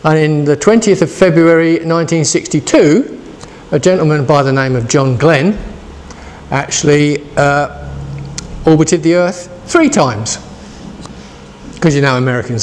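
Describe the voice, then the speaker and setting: A man's voice: a little high, normal speed, a little mellow, slight background noise. A man in his sixties preaching a casual, chatty sermon and asking his listeners questions. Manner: chatty, asks the congregation questions.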